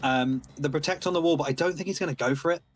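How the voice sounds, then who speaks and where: Excitable male esports commentator, higher voice. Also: quick pace. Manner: excitable, analytical play-by-play. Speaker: tournament commentator.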